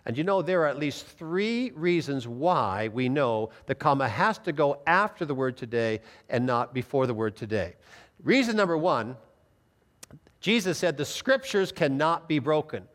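A man's voice: a little high, very animated, moderate pace, a bit bright. A man preaching as a pastor, reading scripture aloud and explaining it in an emphatic teaching manner. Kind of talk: Bible teaching sermon.

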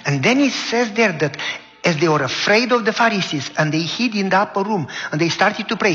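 A man's voice: high-pitched, fairly bright tone. A middle-aged male pastor preaching emphatically, asking the congregation rhetorical questions. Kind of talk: sermon. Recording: muffled hall reverb.

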